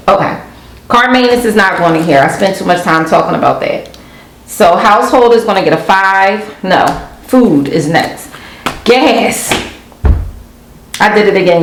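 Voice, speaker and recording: Casual vlogger, female, gravelly low voice, exasperated chatter, roomy recording. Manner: chatty and exasperated, addresses viewers as y'all. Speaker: budgeting vlogger. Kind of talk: casual chat to camera. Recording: echoey room with faint noise.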